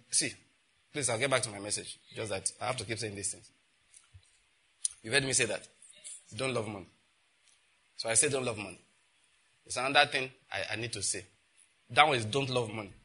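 A middle-aged Nigerian man preaching a sermon, telling stories and acting out conversations in an animated way. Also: a little fast, pauses often, breathy edge. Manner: animated storytelling, acts out exchanges with rising pitch and laughter. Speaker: pastor.

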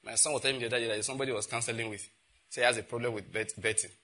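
A middle-aged Nigerian man preaching a sermon, telling stories and acting out conversations in an animated way. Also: rapid-fire. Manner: animated storytelling, acts out exchanges with rising pitch and laughter. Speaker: pastor.

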